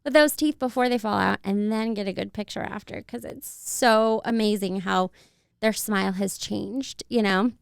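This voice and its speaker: A woman's voice: medium pitch, moderate pace, vocal fry, smooth, dry recording, clean studio sound. A young woman, a family photographer, chatting in an interview, fond and laughing often as she talks about children. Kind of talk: casual interview chat.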